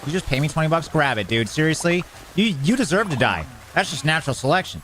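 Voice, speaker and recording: A young man giving casual, chatty commentary while playing a building game, joking at his own expense and getting excited over small things. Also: a little high, fast talker. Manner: chatty, self-mocking, easily excited. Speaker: gaming streamer.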